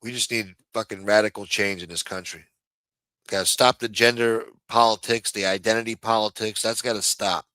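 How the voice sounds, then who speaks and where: A man's voice: fairly low pitch, steady tone, moderate pace, pushed and bright, no room sound. A man hosting a livestream, delivering a heated, profane rant with lots of repetition. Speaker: livestream host. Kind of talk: profane political rant on a stream.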